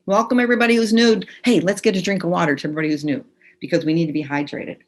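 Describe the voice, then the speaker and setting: Racing along in a lowish voice with fairly even intonation, a woman leads group tapping over a video call. Through her computer mic, she gives instructions and calls out phrases for everyone to say back.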